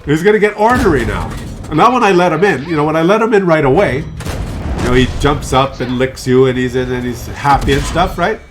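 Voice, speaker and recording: A man's voice: a little high, expressive, brisk, noisy background. A man giving casual, playful, jokey commentary over his tank game at home. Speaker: gameplay commentator.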